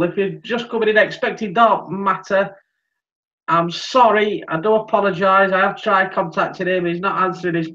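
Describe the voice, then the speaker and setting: A man's voice: a little high, fairly bright tone, dull audio. A man hosting a casual live stream, chatty and apologetic, greeting viewers by name, a few drinks in.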